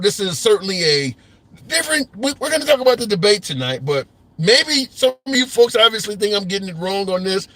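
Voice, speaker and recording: High, bright-voiced male talk host. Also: no echo. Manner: conversational, opinionated, thinks aloud with restarts. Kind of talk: live call-in talk stream. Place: car. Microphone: phone.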